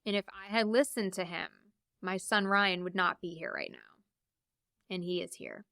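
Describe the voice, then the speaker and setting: A woman in her thirties telling her own birth stories as a podcast guest, animated and acting out the voices of the people she quotes. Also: lowish voice, moderate pace, no echo, studio quality. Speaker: podcast guest, memoir author. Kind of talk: casual storytelling.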